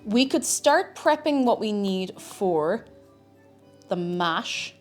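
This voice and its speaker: A woman's voice: mid-range voice, expressive, slow pace, faint music behind. An Irish woman streaming casually while she cooks, chatty and a bit scatterbrained, humming little tunes between thoughts. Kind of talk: casual live-stream chat while cooking.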